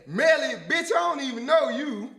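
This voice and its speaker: A man with a Memphis accent, co-hosting a live reaction stream, talking loud and profane in heated casual banter. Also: very high-pitched, lively intonation, normal speed, creaky, echoey room. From Memphis, USA. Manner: loud, big-mouthed, profane, argumentative.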